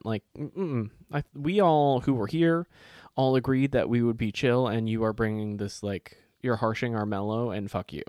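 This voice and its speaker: A man co-hosts a casual chat, telling stories animatedly, swearing freely, and acting out other people's lines. His medium-pitched voice is a little mellow at a moderate pace, in clean studio sound with no echo.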